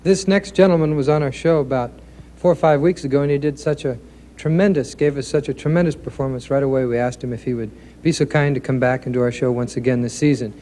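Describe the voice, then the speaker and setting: Fast-talking male TV host. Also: medium pitch, mellow, slight background noise. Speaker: show host. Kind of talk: announcing the next guest. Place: television studio.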